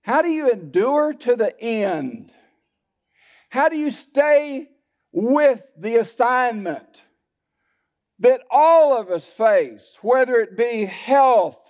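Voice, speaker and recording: A male pastor preaching a sermon, telling personal stories in a folksy way and turning often to the congregation. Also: very high-pitched. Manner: folksy storytelling with asides to the congregation. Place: church sanctuary. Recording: dull lo-fi church sermon recording.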